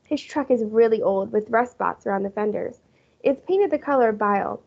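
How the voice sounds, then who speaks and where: A woman teacher reading a children's chapter book aloud in a lively storytelling manner. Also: on the high side, normal speed, gravelly. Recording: muffled lo-fi recording.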